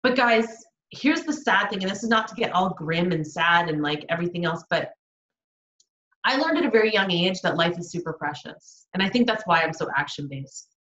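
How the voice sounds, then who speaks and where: A woman's voice: lowish voice, lively intonation, moderate pace, fairly bright tone. A woman co-hosting a motivational podcast, talking earnestly and passionately to urge listeners to stop waiting and act. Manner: earnest, impassioned, urging listeners. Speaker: podcast co-host. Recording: echoey room, dull audio.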